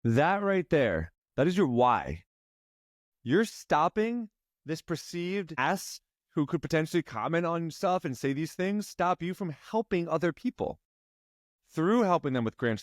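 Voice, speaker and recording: A man coaching a client, emphatic and pushing, then slowing into calm guided breathing. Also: a little high, no room sound, clean studio sound. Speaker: life coach. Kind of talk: coaching session.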